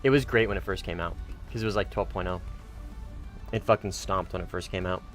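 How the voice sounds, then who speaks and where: A man with a fairly low voice talks loosely to his stream audience, circling back and restarting his sentences. He swears offhandedly and keeps it conversational. Soft music plays faintly underneath. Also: brisk. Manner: rambling, self-correcting, casually profane. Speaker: game streamer. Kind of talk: casual gaming livestream chat.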